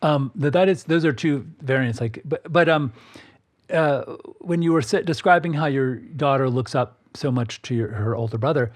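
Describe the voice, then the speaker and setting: A man in his fifties, co-hosting a podcast, talks about personal matters in a reflective, halting way with many restarts. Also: medium pitch. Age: 50s. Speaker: podcast co-host. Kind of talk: casual personal conversation.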